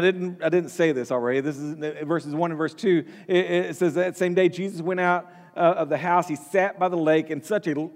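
A man teaches from the Bible, his voice sitting high for a man. He talks in a loose, conversational way, repeating words as he goes and putting questions to his listeners. A long reverb trails after his words. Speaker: preacher.

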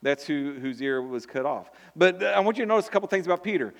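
A man's voice: on the high side, animated, fast talker. A man preaching a sermon earnestly, often repeating words and building to emphatic peaks. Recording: long hall reverb.

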